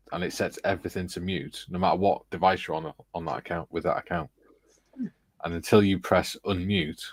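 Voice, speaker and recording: Low-voiced man reading out chat. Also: no echo. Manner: reads viewer chat messages aloud. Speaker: livestream host. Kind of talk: casual live chat.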